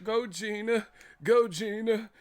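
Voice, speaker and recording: A man putting on the voice of a goofy, clueless office worker who loves parties, high and whooping. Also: takes it slowly, background noise. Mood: goofy excited.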